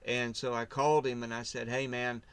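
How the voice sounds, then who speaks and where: A man's voice: mid-range voice, level tone, moderate pace, clear, resonant tone, no echo. Rambling man telling a faith story. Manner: rambling, self-interrupting storyteller who acts out quotes loudly. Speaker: podcast co-host. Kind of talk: casual faith discussion.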